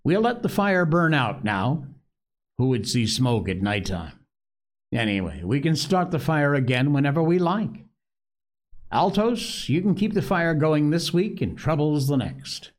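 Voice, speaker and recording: Man putting on a high bossy arrogant boy, sneering, storybook reading. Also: very animated, measured pace. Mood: self-assured. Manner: contemptuous and forceful. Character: arrogant domineering boy, contemptuous.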